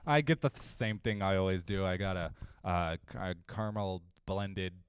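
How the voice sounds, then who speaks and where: A man's voice: low-pitched, normal speed, clear, resonant tone, no echo, clean studio sound. A man co-hosting a casual podcast chat, laughing often and breaking into mock-outraged bursts. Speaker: podcast co-host.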